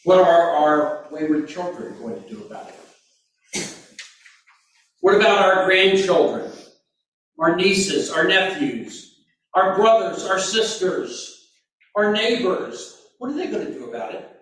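Male pastor, fairly high voice, slow sermon delivery, very echoey church room, mic set back. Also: expressive, fairly bright tone, distant mic. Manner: slow, deliberate preaching with sudden emphatic bursts.

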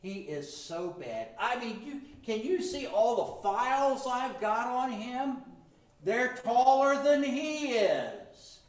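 A boastful, gloating male devil pressing his case as prosecutor, as a preacher acts him out. His voice climbs high and swings widely, with slow, drawn-out words carried by an echoey room. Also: big pitch swings, far from the mic, heavily acted. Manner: boastful, emphatic.

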